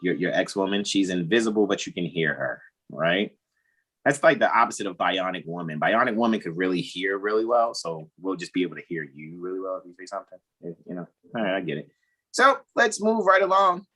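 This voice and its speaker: A man's voice: sits low, big pitch swings, fairly quick, bright, forceful tone. A man hosting a casual group video call, joking around, laughing often and drifting into rambling asides. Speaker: host.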